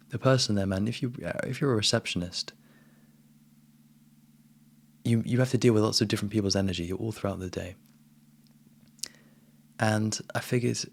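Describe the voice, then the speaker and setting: A man giving a casual spiritual monologue as a coach, relaxed and emphatic, often calling the listener "man". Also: on the low side, creaky, husky.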